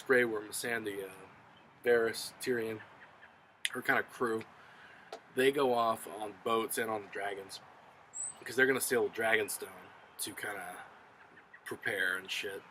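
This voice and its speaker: A man's voice: medium pitch, bright, forceful tone, a little hiss or hum, low-quality recording. A man recapping a TV episode in a loose, profane, filler-heavy way. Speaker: show reviewer.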